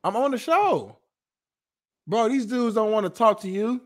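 A man's voice: sits high, lively intonation, a little slow, no echo. A male co-host on a talk show, speaking laid-back and street-wise. He swears casually and keeps an easy, informal rhythm.

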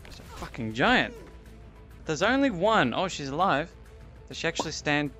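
A man giving excitable VR gameplay commentary, gasping and exclaiming as he plays into a headset mic. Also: on the high side, unhurried, long pauses, faint music behind. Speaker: gaming YouTuber.

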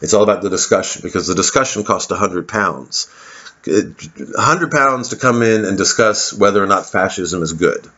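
A man's voice: low-pitched, animated, moderate pace, bright, forceful tone. A male comedian delivering a rambling, sardonic monologue, cursing freely and drifting from topic to topic. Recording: dull lo-fi recording.

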